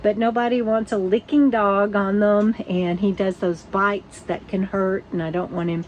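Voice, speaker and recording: An older woman chatting to camera from her RV, tired, halting and rambling with restarts and soft laughs. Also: mid-range voice, level tone, a little hiss or hum, low-quality recording. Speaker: vlogger. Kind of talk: casual morning chat to camera. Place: inside her RV.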